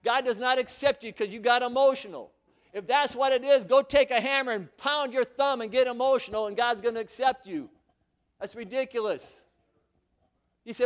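High high-pitched guy preaching, keeps hammering the same point, friends this friends that. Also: moderate pace. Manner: emphatic, repetitive, calls listeners friends. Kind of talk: sermon.

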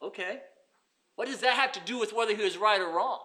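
A man's voice: high voice, brisk, bright, forceful tone. A man preaching a sermon as pastor, emphatic and repeating his points.

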